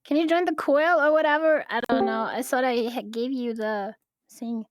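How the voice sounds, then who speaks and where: A woman's voice: a little high, moderate pace, background noise. A woman guest chatting on a stream in a breezy, joking way. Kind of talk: casual chat.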